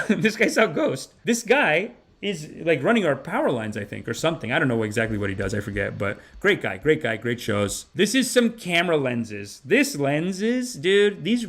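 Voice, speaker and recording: A man talking fast and eagerly in a casual vlog, stacking anecdotes with quick restarts and repeated words. His voice sits a touch high for a man, and the words tumble out quickly. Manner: rapid, animated storytelling with quick restarts. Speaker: comedian and podcast host.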